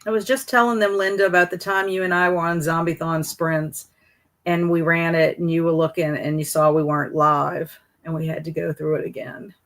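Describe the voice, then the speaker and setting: Chatty woman host, low voice. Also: little pitch movement, moderate pace, fairly bright tone. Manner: chatty, reads out viewer comments. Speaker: host of a livestream. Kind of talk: casual livestream chat.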